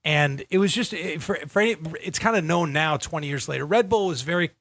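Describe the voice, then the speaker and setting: A man, a guest in a podcast studio, telling casual stories in an animated way and acting out quoted voices. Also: a little high, fairly quick, no room sound. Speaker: guest, motocross event organizer. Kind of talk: casual storytelling.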